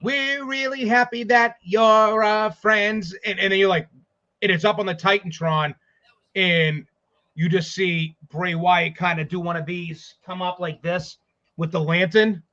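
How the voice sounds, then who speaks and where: A man co-hosting a casual sports podcast, rambling excitedly and swearing as he talks. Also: high voice, unhurried. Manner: excited, profane, rambling with restarts. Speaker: podcast co-host. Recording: dull lo-fi audio.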